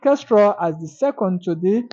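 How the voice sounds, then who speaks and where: A woman teaching an Arabic grammar lesson, repeating each example slowly and then translating it. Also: medium pitch, animated, dark tone, highs cut off.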